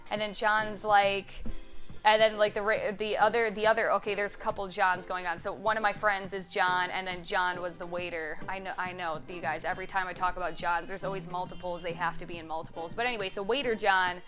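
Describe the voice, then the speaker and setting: A woman's voice: on the low side, level tone, brisk, a bit bright, soft background music. A young woman chatting casually to camera as a vlogger, swearing freely and laughing as she tells stories. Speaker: YouTube vlogger.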